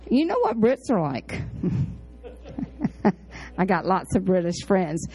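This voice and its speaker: A woman pastor tells a chatty story in a sermon, animated and full of high exclamations and low asides. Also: takes it slowly, faint music behind, poor audio.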